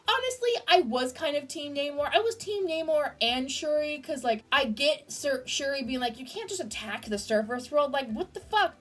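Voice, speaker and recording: A young woman with a high voice reviews a film in a casual, gushing way. She talks excitedly and fills her sentences with "like". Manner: gushing, excitable, lots of fillers. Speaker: movie reviewer.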